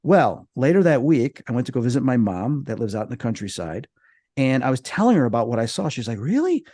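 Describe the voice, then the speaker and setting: A man, a podcast guest, telling a personal story in an animated, dramatic way. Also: mid-range voice, quick pace, no echo, clean studio sound. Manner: dramatic, acts out quoted voices.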